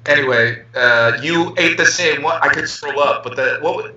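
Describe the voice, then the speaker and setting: A man's voice: on the high side, normal speed, pushed and bright, slight background noise. A man, an English teacher, chatting and joking in a live-streamed lesson, playful and a bit hesitant as he thinks aloud. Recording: distant, echoey, dull online call audio.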